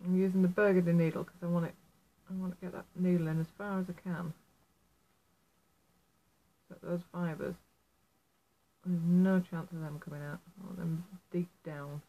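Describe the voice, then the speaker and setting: A woman from Yorkshire, England, with a Yorkshire accent, gives a casual needle-felting tutorial while working indoors at home, chatty and self-deprecating with apologetic asides. Her fairly low voice is mellow, with little pitch movement, a moderate pace and long pauses. The audio quality is poor.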